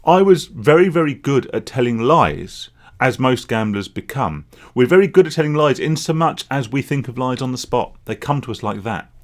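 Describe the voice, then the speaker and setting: A man's voice: medium pitch, expressive, normal speed, hardly any pauses. A man speaking candidly in a rambling, confessional solo vlog about his past as a gambling addict. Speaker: vlogger, former gambling addict. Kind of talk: reflective solo vlog monologue.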